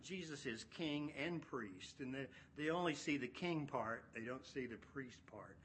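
Bright-voiced animated male preacher. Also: mid-range voice, normal speed, slight background noise. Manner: animated, acts out voices, swings from loud to hushed. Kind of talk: expository sermon.

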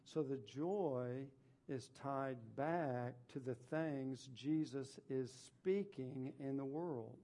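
Mellow-voiced man preaching an emphatic sermon. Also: mid-range voice, slow pace. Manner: emphatic, repeats phrases for stress; reads scripture aloud then explains it. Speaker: pastor.

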